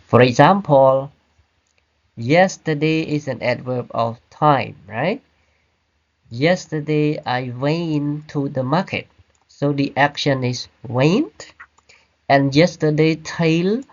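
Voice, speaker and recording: Slow-talking teacher explaining grammar. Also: male voice, medium pitch, highs cut off. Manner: slow, repetitive explaining with "right?" and "okay?" checks. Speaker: English teacher. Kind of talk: online grammar lecture. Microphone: computer mic on a video call.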